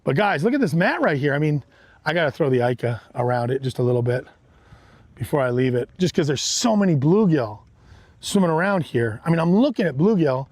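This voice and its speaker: A man hosting a live fishing stream from a boat on a lake, talking excitedly to his viewers. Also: on the high side, fairly quick, dry recording. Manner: excited, exclamatory, talks straight to viewers. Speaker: fishing livestream host.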